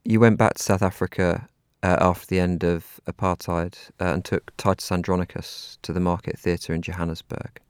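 A man's voice: low voice, flat delivery, normal speed, smooth, no echo, studio quality. A man interviewing a guest, asking probing, conversational questions.

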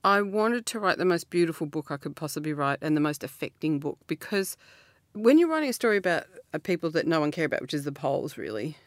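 A middle-aged woman, talking earnestly as an interview guest, laughing often and jumping up in pitch. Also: big pitch swings, quick pace, hardly any pauses, no room sound, clean studio sound. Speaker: author guest. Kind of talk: reflective interview talk.

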